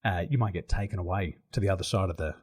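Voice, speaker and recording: Husky-voiced Australian man telling stories. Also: sits low, fast. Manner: animated storyteller who laughs often. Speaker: podcast guest. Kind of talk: casual interview storytelling. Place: home in Taiwan.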